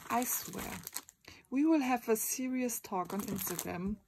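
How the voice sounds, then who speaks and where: A young woman in a casual unboxing vlog, gushing, giggling and often squealing in excitement. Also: fairly high pitch, unhurried. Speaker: vlogger. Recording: crinkling packaging noise behind. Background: bubble wrap and packaging crinkles.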